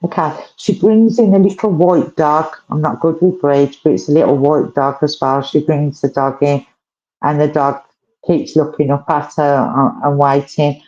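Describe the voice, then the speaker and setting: A woman working as a medium, giving a live reading in halting, repetitive phrases and gentle questions to the sitter. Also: low-pitched, steady tone, dull audio. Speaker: psychic medium.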